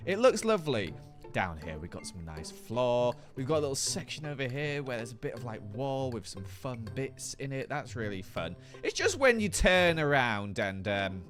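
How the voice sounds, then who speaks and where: A man's voice: medium pitch, moderate pace, soft background music. A man giving playful, self-mocking commentary as a Minecraft YouTuber. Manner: jokey, self-mocking, animated.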